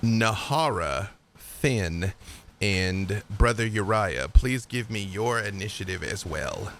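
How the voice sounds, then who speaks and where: Slow-talking man narrating as game master. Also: lowish voice, lively intonation, gravelly, a bit bright, slight background noise. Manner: slow, laid-back narration with fillers.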